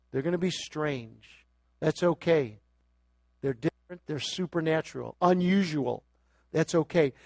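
A man preaching a sermon, moving from quiet scripture reading to loud, emphatic exhortation. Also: a little high, no room sound, studio quality. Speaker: pastor.

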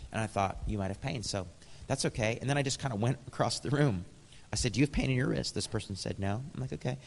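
A man's voice: lowish voice, creaky, big-room sound, slight background noise. An American man preaching a sermon, telling stories in a casual, conversational way with frequent chuckles. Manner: conversational, chuckles often, acts out dialogue. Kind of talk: storytelling sermon.

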